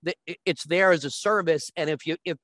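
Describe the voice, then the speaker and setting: A man as a guest on a talk show, explaining sports betting step by step and often checking with a quick "right?". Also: fairly high pitch, fairly bright tone, no echo.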